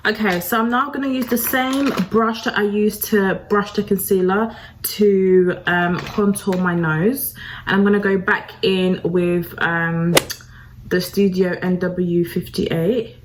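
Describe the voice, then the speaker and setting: A woman's voice: medium pitch, steady tone, takes it slowly, slight background noise, low-quality recording. A woman talking through a makeup tutorial, chatty and self-deprecating, addressing her viewers directly. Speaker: beauty vlogger. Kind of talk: casual makeup tutorial talk.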